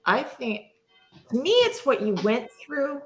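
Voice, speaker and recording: A woman's voice: high-pitched, sing-song, unhurried, faint music behind. A middle-aged woman hosting a candid chat, blunt and self-mocking, swearing freely. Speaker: podcast host.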